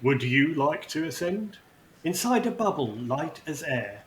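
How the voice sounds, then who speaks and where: A man's voice: a little high, sing-song, unhurried, echoey room. A man voicing a polite male goblin ride keeper who speaks in sing-song rhyming couplets. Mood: courtly, sing-song.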